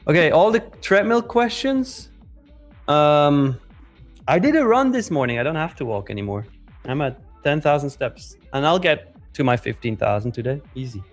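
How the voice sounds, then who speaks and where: A man's voice: fairly high pitch, sing-song, moderate pace, soft background music. A man co-hosting a live stream, joking around and reading viewer comments aloud in casual chat. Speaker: stream co-host.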